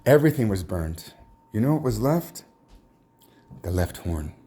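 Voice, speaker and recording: A man telling a personal religious testimony in a rambling, halting way, full of restarts and trailing asides. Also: fairly low pitch, warm tone, breathy edge. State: tired, emotionally drained. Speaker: religious teacher.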